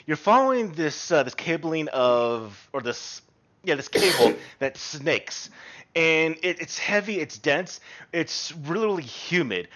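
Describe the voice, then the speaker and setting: A man runs a tabletop game, his pitch sitting a bit high and swinging widely as he describes each scene. He pauses on fillers while he narrates. The sound is dull and lo-fi, like an online call. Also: big pitch swings, a bit bright. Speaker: game master.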